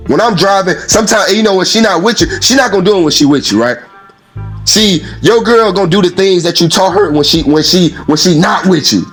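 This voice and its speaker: A man with a notably high speaking voice rambles through casual stories in an animated, expressive way. He slips into acted-out voices for the people he quotes and laughs between lines. Faint music sits underneath. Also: a little fast, husky. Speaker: speaker in a played clip. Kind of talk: casual storytelling monologue.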